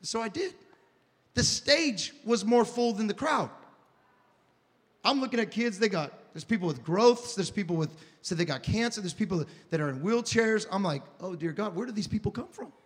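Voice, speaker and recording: A pastor preaching a sermon as an animated storyteller who swings from hushed confessions to shouting and often repeats and restarts his words. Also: high-pitched, moderate pace, long reverb tail.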